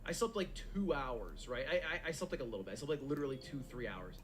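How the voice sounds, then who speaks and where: A young man telling a long, animated story in casual, profane chat as a stream co-host. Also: mid-range voice, quick pace, a little hiss or hum. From United States.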